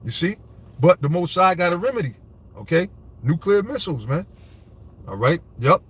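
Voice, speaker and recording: A man preaching fervently from scripture, rambling and swearing and often asking his listeners "all right?" He reads the verses slowly and gets louder and higher when agitated. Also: very animated, slightly rough. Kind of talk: fiery street-style scripture commentary.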